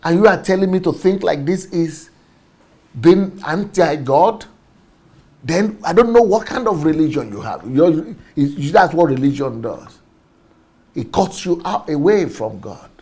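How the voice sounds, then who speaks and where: A man delivers a passionate, preaching-style talk with a husky, slightly breathy voice. He leans hard on repetition for emphasis and often breaks into chuckles. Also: fairly high pitch, lively intonation, moderate pace, darkish tone. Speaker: speaker on faith and systems.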